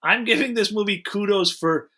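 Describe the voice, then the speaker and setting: Bright-voiced man recapping a movie. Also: high-pitched, moderate pace. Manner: rambling recaps, acts out scenes. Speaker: podcast host. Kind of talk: casual movie review chat.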